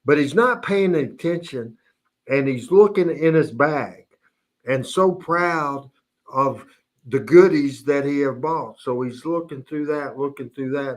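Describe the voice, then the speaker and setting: A man hosting a talk show, telling a long funny anecdote in a casual, animated way. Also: mid-range voice. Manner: animated anecdote teller, mimics voices. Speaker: host. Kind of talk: casual storytelling.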